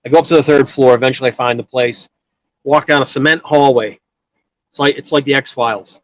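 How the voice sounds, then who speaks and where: A man's voice: medium pitch, fairly even intonation, brisk, dry recording, poor audio. A man telling a long personal story in casual chat, rambling with many restarts and filler words. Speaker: guest storyteller.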